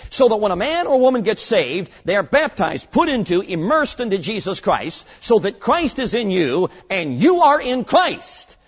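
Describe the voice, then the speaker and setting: Preacher with a lively, high voice. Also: male voice, slightly rough. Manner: earnest, emphatic, stresses key words slowly; tells stories with short acted voices. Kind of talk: sermon. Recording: muffled, long hall reverb.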